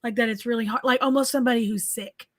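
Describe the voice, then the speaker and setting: A woman's voice: a little high, steady tone, fast talker, no echo. Chatty podcast co-host, a woman. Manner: chatty, reads viewer comments aloud. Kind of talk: casual chat.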